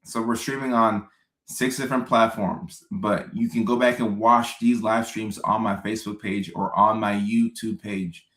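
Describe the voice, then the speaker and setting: A man with a lowish voice hosts a live question-and-answer stream as a psychiatrist, reading out viewer comments in a loose, casual way. He tends to repeat a line twice for emphasis. The sound is echoey, as if he is in a bare room. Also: fairly even intonation, unhurried, fairly bright tone.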